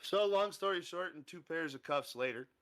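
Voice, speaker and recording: A man in his thirties talks through a story on a podcast with a bright, forward tone. He tells it loosely and casually, jumping into quoted voices and laughing along the way. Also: a little high, moderate pace.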